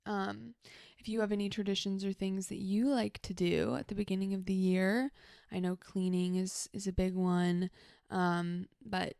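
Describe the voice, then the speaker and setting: This mental health therapist rambles through a casual solo episode of her podcast from her home office, a little breathless and talking to herself in asides. She has a medium-pitched, darkish, clean voice with vocal fry and little pitch movement, at a moderate pace. The studio-quality recording has no room sound.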